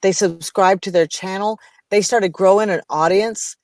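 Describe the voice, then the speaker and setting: A woman's voice: medium pitch, normal speed, no room sound. A middle-aged American woman chatting casually on a business show, her voice close and dry with no room around it. She tells stories with lots of energy and often drops into playful voices. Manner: animated storyteller, slips into playful voices and laughs. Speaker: co-host of a business talk show.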